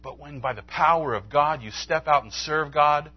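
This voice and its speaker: Animated pastor preaching a sermon. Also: male voice, moderate pace, slightly rough, lo-fi sound. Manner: animated storytelling, acts out dialogue with pitch jumps. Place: church sanctuary.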